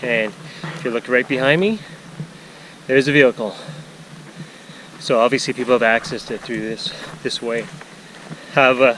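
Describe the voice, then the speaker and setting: A man's voice: medium pitch, moderate pace, long pauses, fairly bright tone, a little hiss or hum, poor audio. A man narrating a casual canoe-trip vlog outdoors on a forest portage, rambling with many fillers and restarts. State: out of breath.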